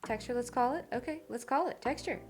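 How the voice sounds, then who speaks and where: A woman's voice: fairly high pitch, fast, faint music behind. A woman chatting casually and enthusiastically with her co-host while they draw together. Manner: upbeat, enthusiastic, giggly. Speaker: co-host drawing with a partner. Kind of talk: casual chat while drawing.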